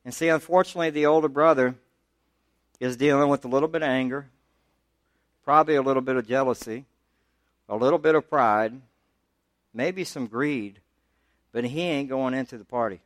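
Preaching pastor, plain dry sound. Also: male voice, no room sound. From United States. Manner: conversational preaching, rising in pitch when pressing a point. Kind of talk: sermon.

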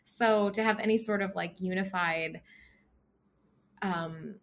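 A woman's voice: medium pitch, fairly even intonation, takes it slowly. A young woman from the United States in a casual conversation about the news, chatty and worried, with many fillers. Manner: talkative, filler-heavy, concerned.

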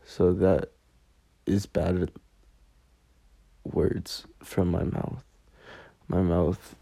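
Young male podcast host, goofy rambler, slow gravelly delivery, dark dry sound. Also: low voice, flat delivery, no room sound. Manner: goofy, rambling, self-mocking. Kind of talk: rambling solo podcast chat. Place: bedroom, on a squeaky bed.

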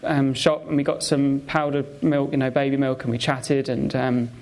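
A man giving a conversational sermon full of personal stories, talking in a halting way with many fillers and restarts. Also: mid-range voice, flat delivery, a little mellow. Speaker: preacher.

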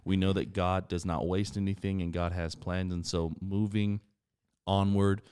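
A man co-hosting a faith podcast, talking earnestly about scripture in an animated, preaching way. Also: low-pitched, normal speed, slight background noise. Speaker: podcast co-host.

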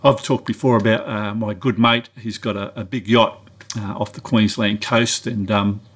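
A man's voice: normal speed, slightly rough. A middle-aged man giving a sermon-style talk, telling a story and acting out both sides of the dialogue. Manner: animated storyteller, acts out dialogue with raised pitch. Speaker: preacher.

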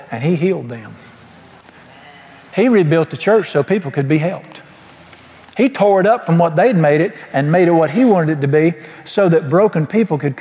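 Male pastor, high-pitched, folksy emphatic delivery, long hall reverb. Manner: folksy and emphatic, with rhetorical questions and sudden drops to a low hush. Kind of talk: sermon. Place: church sanctuary.

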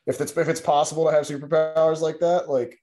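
A man's voice: on the high side, flat delivery, fast talker, dark tone. A man co-hosting a casual pop-culture podcast, easygoing and chatty. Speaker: podcast co-host.

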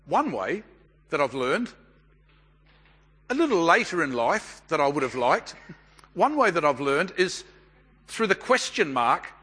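A middle-aged Australian man preaching a sermon and telling a story, with measured, deliberate pauses. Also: fairly high pitch, pushed and bright, slightly rough. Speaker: pastor. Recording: long hall reverb.

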